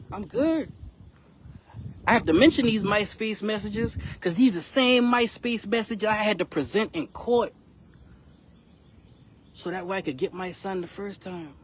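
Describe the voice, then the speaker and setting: A man's voice: sits high, slight background noise. A young man, a rapper telling his son a frustrating personal story in a casual, emphatic vlog full of slang. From South Carolina, US.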